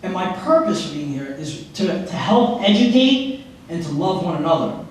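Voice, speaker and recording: A man's voice: fairly high pitch, moderate pace. A man giving a motivational talk to a live audience, telling a story and acting out its characters. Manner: lively storyteller who acts out characters. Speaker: motivational speaker. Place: public library meeting room before an audience. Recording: very echoey hall recorded from far off.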